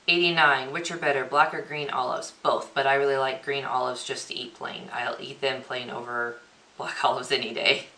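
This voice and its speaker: Chatty young woman, bright echoey voice. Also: rumbling low, steady tone, moderate pace. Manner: chatty, reads questions aloud then answers offhand. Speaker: beauty vlogger. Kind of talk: casual Q&A tag video. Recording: echoey room.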